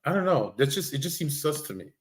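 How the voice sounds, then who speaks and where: A man's voice: a little high, very animated, fast talker. Blunt rambling man commenting on a stream. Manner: blunt, rambling, profane, with many restarts. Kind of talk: casual commentary on a livestream.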